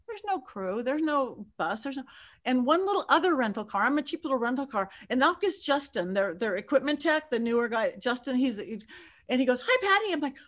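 A woman with a fairly high voice tells her stories with lots of animation. She acts out the quotes with big jumps in pitch. She is a psychic guest in a casual chat. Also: animated, brisk.

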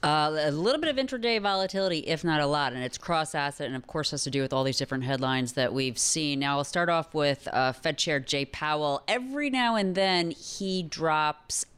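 A woman's voice: sits low, animated, a bit bright, clean tone. A woman giving a live markets report in a radio studio, choosing her words carefully and precisely. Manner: precise, careful wording, measured. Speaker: markets correspondent.

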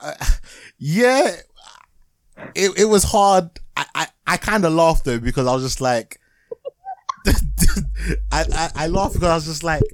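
A man's voice: on the high side, expressive, a little slow, pauses often, no echo. A man hosting a podcast, rambling through a TV show review in casual chat, laughing often and restarting his sentences. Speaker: podcast host.

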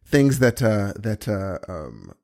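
A man's voice: on the low side, wildly swooping pitch, slow pace, creaky, darkish tone. A man in his forties co-hosting a podcast in casual banter, laid-back and stubborn, rambling as he talks. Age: 40s. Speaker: podcast co-host.

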